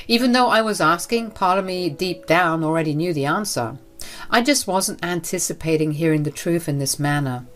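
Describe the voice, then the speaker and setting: Woman narrator, low voice, earnest dramatic storytelling over faint music. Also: expressive, moderate pace, fairly bright tone. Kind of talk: scripted first-person story narration.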